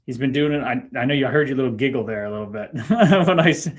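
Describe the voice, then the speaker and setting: A man hosting a casual livestream, chatting in a relaxed way and reading out viewer comments. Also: mid-range voice, very fast. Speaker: stream host.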